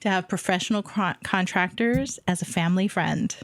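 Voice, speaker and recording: A woman's voice: fairly low pitch, normal speed, dry recording. A woman from Hawaii co-hosting a podcast in casual chat, laughing often as she talks. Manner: giggly, laughs often while talking. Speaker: podcast co-host.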